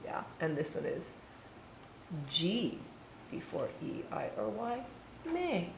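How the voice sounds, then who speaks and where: Slow, encouraging woman in an echoey room. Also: mid-range voice, sing-song, creaky. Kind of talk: one-on-one reading lesson. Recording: echoey room with faint noise.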